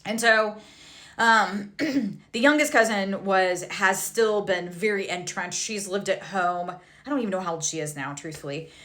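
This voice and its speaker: A woman's voice: medium pitch, a little slow, a bit bright. A woman telling a personal story to her social media followers, frank and heated, with many fillers and self-corrections. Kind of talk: candid personal storytelling to camera.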